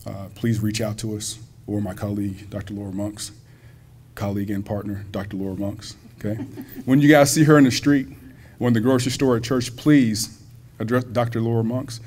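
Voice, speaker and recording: A man's voice: on the low side, fairly even intonation, moderate pace, a little mellow, a little hiss or hum. A man speaking as a college president at a community banquet, folksy and joking, talking directly to the audience. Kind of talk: public speech at a banquet. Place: school hall at a banquet.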